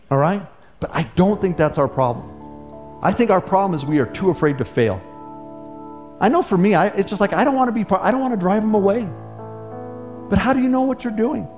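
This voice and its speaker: A male pastor preaches with urgent, earnest conviction, stumbling over and restarting his words. His voice sits a little high. Music plays clearly in the background. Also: a little mellow. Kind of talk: sermon. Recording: music playing behind.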